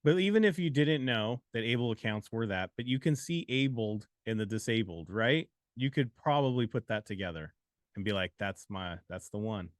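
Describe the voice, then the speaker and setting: A man's voice: lowish voice, lively intonation, moderate pace, dry recording, clean studio sound. A man co-hosting a live exam study lesson, joking around and encouraging viewers while summing up the point. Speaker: exam prep co-host.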